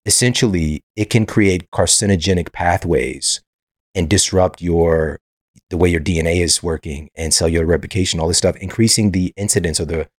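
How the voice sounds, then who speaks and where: Podcast host dude, really low voice, dry close mic, earnest. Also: male voice, normal speed, no room sound. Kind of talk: casual interview talk.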